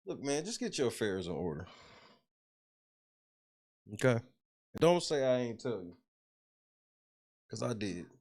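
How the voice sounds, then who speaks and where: A man's voice: medium pitch, sing-song, a little slow, long pauses, darkish tone. A man hosting a podcast, ranting casually with lots of profanity and laughing between his points. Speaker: podcast host.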